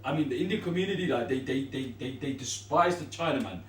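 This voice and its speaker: A man's voice: medium pitch, animated, fast. A man of Sri Lankan Tamil family ranting to camera in a rambling, slangy way, tagging his lines with street filler. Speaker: vlogger. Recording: echoey room, far from the mic.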